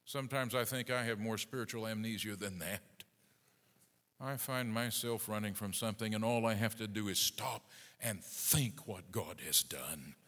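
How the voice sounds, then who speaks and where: A man's voice: fairly low pitch, moderate pace. Dramatic preacher man in a reverberant hall. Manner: dramatic, wide swings between loud emphasis and hushed asides. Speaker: pastor. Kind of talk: sermon. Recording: long reverb of a large hall.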